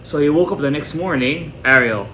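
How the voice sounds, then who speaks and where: Emphatic, animated rabbi in an echoey room. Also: male voice, fairly high pitch, fairly quick, a little hiss or hum. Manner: animated, emphatic, with frequent Hebrew terms. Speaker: rabbi teaching a Torah class. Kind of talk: Torah class sermon. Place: indoor room with a live audience. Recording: echoey room with faint ambience.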